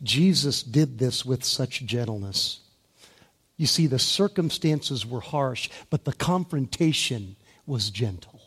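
A male preacher giving a sermon, moving between hushed, gentle passages and loud, rising emphasis, drawing out key words slowly. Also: medium pitch, lively intonation, husky. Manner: slow, deliberate delivery with drawn-out key words.

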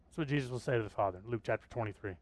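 A man's voice: medium pitch, rapid-fire, dry recording. A man preaching a sermon as pastor, talking conversationally and often asking the congregation questions.

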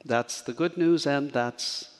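A man preaching a sermon as pastor, measured and earnest, slowing down to stress key words. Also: on the high side, in a large hall. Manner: measured, earnest preaching with slow emphatic pauses.

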